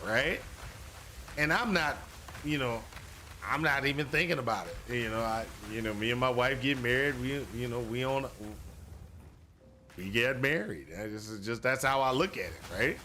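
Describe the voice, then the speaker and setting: A man's voice: mid-range voice, pushed and bright. A man casually telling a long personal story while playing a video game, rambling and repeating himself with lots of "you know". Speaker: gaming streamer.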